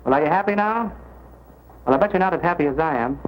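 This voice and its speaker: A man playing a coaxing fast-talking reporter. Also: fairly high pitch, expressive, slight background noise, close to an everyday voice, poor audio. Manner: coaxing, pleading on the phone. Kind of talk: 1930s film acting.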